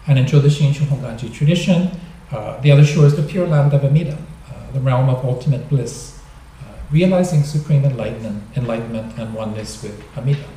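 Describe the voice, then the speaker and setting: A man giving a dharma talk, explaining gently and joking now and then, recorded in a temple hall. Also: medium pitch, brisk, slight background noise. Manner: gentle, explanatory, with light humor. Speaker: minister. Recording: echoey hall, mic at a distance.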